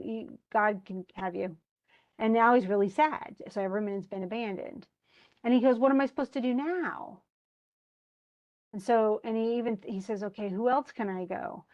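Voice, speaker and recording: A woman giving a lively classroom lecture, acting out characters' lines as she explains them. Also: a little high, moderate pace, lo-fi sound. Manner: animated, acts out characters' lines in quotes. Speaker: literature lecturer.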